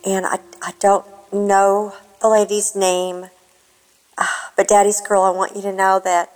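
A woman from Kentucky calling in to a prayer line, speaking in a tearful, heartfelt way with many pauses and fillers. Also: medium pitch, level tone, darkish tone, rough recording. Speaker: caller. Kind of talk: emotional phoned-in message.

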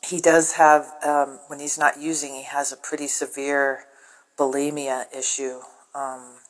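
A woman caller leaving a heartfelt prayer request about her son, speaking haltingly with many pauses and restarts. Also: low-pitched, little pitch movement, rough recording. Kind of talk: casual voicemail to a radio show.

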